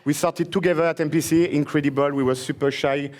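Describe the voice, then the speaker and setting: A man's voice: a little high, fairly even intonation, quick pace, a little mellow. A young man from France speaking English with a French accent, presenting on a conference stage in a joking, enthusiastic way. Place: conference stage before a live audience.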